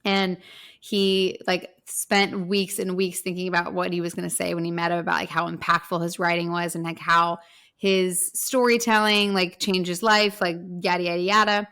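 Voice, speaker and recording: Casting: woman podcast co-host, lower voice, chatty storyteller who laughs easily. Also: flat delivery, normal speed, sharp tone, smooth. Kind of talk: casual chat.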